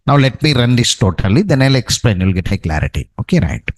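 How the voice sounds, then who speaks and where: A man's voice: mid-range voice, very animated, fast talker, dry recording, rough recording. A man teaching a programming class, dictating code and checking in with "no?" and "okay, right". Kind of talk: live coding lesson.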